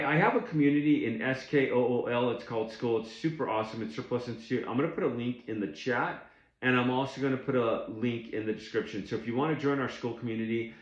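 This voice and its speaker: A man's voice: medium pitch, reverberant, lo-fi sound. A man coaching beginners in a casual, blunt and plainspoken way, often restarting his sentences. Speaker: tax overage business coach. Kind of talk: casual instructional talk to camera.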